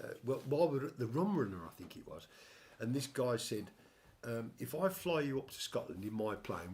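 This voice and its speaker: An older man hosting a casual music chat, telling a long story with many restarts and wry asides. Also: medium pitch. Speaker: show host and songwriter.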